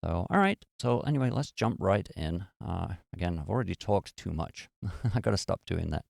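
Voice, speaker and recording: A man teaching a beginners' meditation class, explaining and then guiding the group in a relaxed, unhurried way with small fillers. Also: dry recording, clean studio sound. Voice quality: gravelly low voice.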